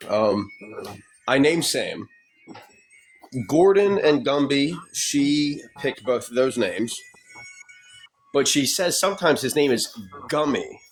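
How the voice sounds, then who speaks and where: A man's voice: medium pitch, very animated, slow, long pauses. A man chatting casually on a live stream, crude and sardonic, swearing often. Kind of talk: casual chat. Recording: faint background noise.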